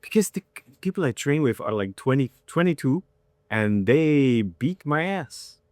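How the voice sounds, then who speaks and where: A comedian in his thirties tells candid stories during a casual interview, animatedly acting out quotes as he goes. His voice is mid-range and his pace measured. The recording is dry, with clean studio sound.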